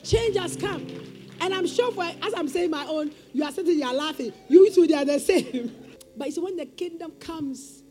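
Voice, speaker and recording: A woman's voice: fairly high pitch, mellow. A woman preaching a sermon with emphatic, repetitive call-and-response phrasing.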